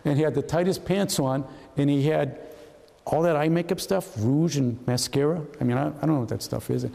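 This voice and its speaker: A man's voice: a little high, fairly quick, creaky, in a large hall. A man in his seventies, a retired agent giving an anecdotal talk, acting out the voices of people in his stories. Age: 70s. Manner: lively storyteller who acts out quoted voices. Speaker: retired FBI agent guest speaker. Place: hall at a historical society event.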